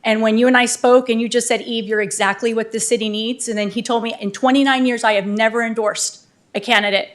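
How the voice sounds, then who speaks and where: Her voice a little high and her pace a little quick, the newly elected councilwoman speaks without a script in the council chamber, energetically thanking people from the heart.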